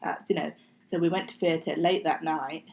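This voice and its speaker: A middle-aged woman with a deep, steady, slightly mellow voice and vocal fry speaks at a moderate pace, captured on a low-quality recording. As a podcast guest she chats through her story casually, performing what others said and sometimes going nearly to a whisper.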